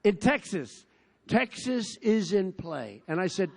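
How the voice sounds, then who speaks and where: A man in his seventies giving a rambling, boastful campaign rally speech at a large outdoor field, repeating himself and sometimes shouting. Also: sits high, big pitch swings, takes it slowly, creaky. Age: 70s. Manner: boastful, digressive, repetitive, bursts into shouting. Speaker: politician at a rally.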